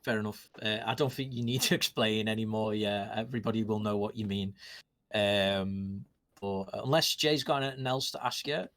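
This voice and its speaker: A man's voice: fairly low pitch, normal speed, a bit bright. A man hosting post-match interviews, asking rambling questions full of ums and restarts.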